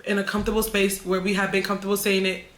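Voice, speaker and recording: A woman speaks to her viewers, emphatic and defensive as she tells her side. Her voice is bright. The room has a noticeable echo. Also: medium pitch, little pitch movement, rapid-fire. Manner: emphatic, defensive, addresses the audience. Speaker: streamer in a video clip. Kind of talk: telling her side of a dispute.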